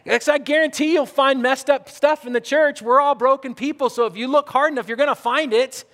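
A middle-aged male pastor preaching a sermon, telling stories with lively swings between loud outbursts and quiet, low asides. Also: a little fast. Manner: animated storytelling, swings from shouted outbursts to hushed low talk. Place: church hall. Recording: church hall with long reverb.

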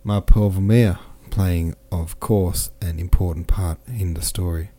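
Man reading a classic novel, steady and measured, low voice, super mellow dark tone. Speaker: audiobook narrator. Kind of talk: scripted narration of a classic novel.

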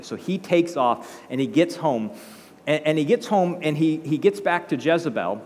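A man preaching a sermon as pastor, retelling a story in a casual way with lively asides. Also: mid-range voice, brisk, in a large hall.

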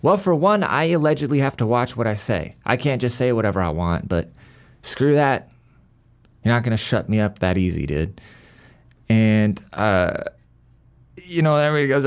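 A man's voice: mid-range voice, lively intonation, normal speed, long pauses. A male podcast host in a worked-up, profane monologue, stumbling over restarts as he rants.

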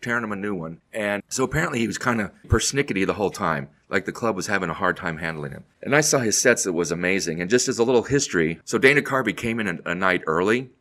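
Middle-aged comedian guy spinning a yarn quick, low voice, acts out everyone he quotes. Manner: animated anecdote teller, acts out quotes. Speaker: comedian guest. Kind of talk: casual storytelling.

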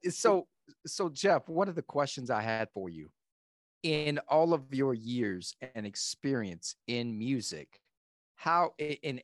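A man's voice: mid-range voice, dry recording, studio quality. A man with a Southern American accent hosting a podcast in an upbeat, casual way. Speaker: podcast host. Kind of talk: casual interview chat.

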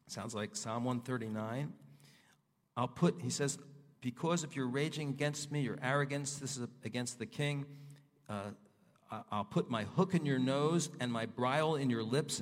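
A male pastor preaching a sermon, reading scripture aloud and voicing prayers with fervor, his pitch rising and falling. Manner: rises and falls in pitch, voices prayers with fervor. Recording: long hall reverb.

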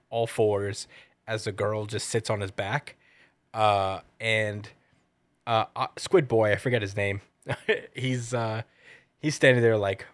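A man's voice: on the low side, no room sound. A man co-hosting a casual podcast, rambling through a chapter recap and acting out the characters' lines. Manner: rambling, quotes characters in a lively acted-out way. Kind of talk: casual chat.

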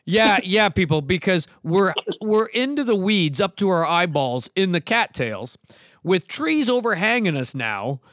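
A man telling a story in casual conversation. His voice sits fairly high for a man, and it sounds close and dry. He is animated and acts out the other people's voices. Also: unhurried, no echo.

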